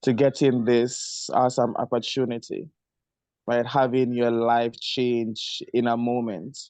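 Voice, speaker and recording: Male podcast host, mid pitch, dry close sound, keeps saying "right?" to egg the guest on. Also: flat delivery, a little slow, a little mellow. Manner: encouraging, echoes and sums up the guest's points. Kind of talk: interview podcast conversation.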